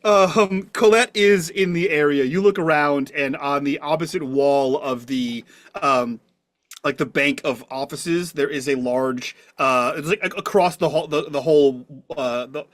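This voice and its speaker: A man's voice: on the high side, unhurried, no echo. A man working as game master, describing the scene and its characters in a rambling way with lots of fillers. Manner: rambling, full of fillers and restarts. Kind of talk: narrating a tabletop game.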